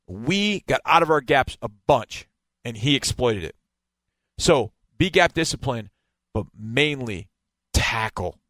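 A man's voice: medium pitch, a bit bright, no room sound. Emphatic man breaking down football. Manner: explanatory, emphatic, repeats key words. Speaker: football analyst.

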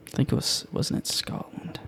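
A man's voice: moderate pace, fairly bright tone, slight background noise. A man in casual chat with friends, easygoing and good-natured while playing a trivia game. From Calgary, Canada.

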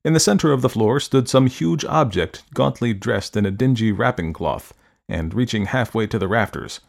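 A man narrating a Victorian ghost story in a measured, dramatic reading style. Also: lowish voice, animated, creaky, poor audio. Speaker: audiobook narrator.

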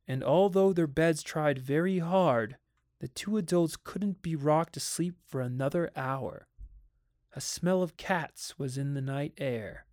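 Measured male narrator, dry close sound. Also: on the high side, a little mellow, no echo. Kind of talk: dramatic audiobook reading.

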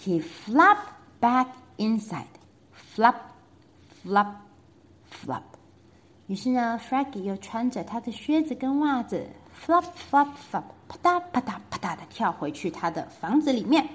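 A woman storyteller reading a children's picture book aloud in two languages, with a sing-song, animated delivery and asides to the kids. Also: fairly high pitch, a little slow.

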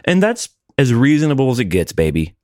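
Podcast co-host, man, fast-talking, lively, giving friendly advice. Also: mid-range voice, dry recording, clean studio sound. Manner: animated, coaching, laughs often. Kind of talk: casual chat.

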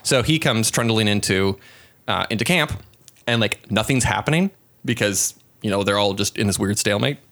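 A man's voice: on the low side, moderate pace, fairly bright tone. A man casually retelling a Bible story on a podcast, rambling and acting out the quotes in goofy voices. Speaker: podcast co-host.

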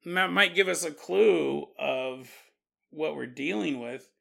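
A male podcast host tells an odd tale with jokey asides and frequent chuckles. His voice sits high and bright with a gravelly edge. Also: slow. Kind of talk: comedic paranormal storytelling.

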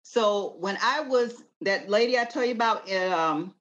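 A woman's voice: medium pitch, a little slow, lo-fi sound. Emphatic woman in preacher mode. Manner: lively, animated storytelling. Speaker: guest. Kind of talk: casual conversation.

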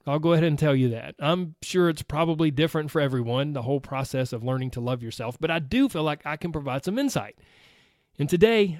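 A man's voice: on the high side, dry recording, clean studio sound. A man hosting a motivational podcast, talking earnestly and acting out his listeners' objections. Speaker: podcast host.

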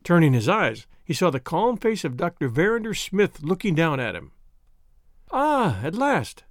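A man narrating an old-fashioned story in a scripted, expressive, unhurried way. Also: on the high side, no room sound, clean studio sound.

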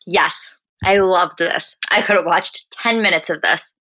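A woman's voice: on the low side, steady tone, unhurried, pushed and bright. A woman co-hosting a podcast who chats casually and talks bluntly, swearing freely. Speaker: podcast co-host. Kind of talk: casual chat recapping a reality show.

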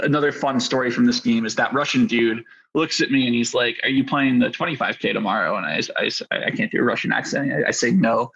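A man's voice: mid-range voice, gravelly, a bit bright, husky, dull audio. A man casually telling a rambling story about poker hands, full of fillers and self-deprecating asides. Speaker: poker player guest.

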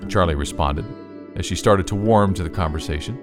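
A male audiobook narrator reading a children's story with a steady, even delivery. His voice sits low, and a clear music bed plays under it. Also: fairly quick.

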